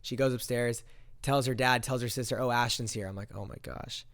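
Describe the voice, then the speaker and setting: A young man vlogging, telling a story in a casual, animated way and acting out the lines he quotes. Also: mid-range voice, fairly quick, clean tone. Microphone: handheld mic.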